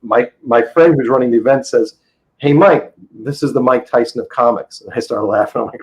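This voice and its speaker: A man's voice: mid-range voice, fairly quick, low-quality recording. Enthusiastic rambling man telling stories. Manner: rambling, enthusiastic, many restarts. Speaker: interview guest, comic book dealer. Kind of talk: casual podcast storytelling.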